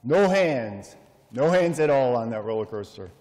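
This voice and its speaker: A middle-aged man giving a heartfelt funeral eulogy for his father, measured and full of storytelling pauses. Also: medium pitch, animated, darkish tone. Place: memorial service in a large hall. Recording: long hall reverb.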